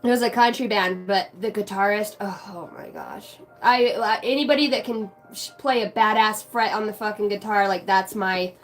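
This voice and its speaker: A woman's voice: mid-range voice, normal speed, hardly any pauses, faint music behind. A woman chatting casually on a live stream, brash and profane, laughing often.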